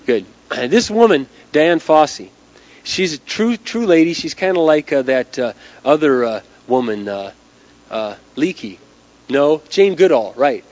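A man preaching a sermon to a live audience, rambling and searching for words with lots of fillers. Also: a little high. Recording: dull lo-fi recording.

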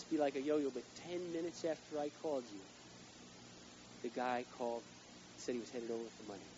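Man, pastor, fast-talking, sermon with storytelling, muffled live church sound. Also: medium pitch, noisy background. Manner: storytelling, animated, rising to loud emphatic peaks.

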